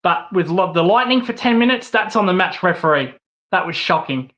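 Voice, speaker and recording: A man's voice: sits high, lively intonation, brisk, fairly bright tone, dull audio. A man with an Australian accent hosting his own channel, ranting angrily with lots of swearing and repeated phrases. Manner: profane, repetitive ranting. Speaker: host. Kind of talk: angry rant vlog.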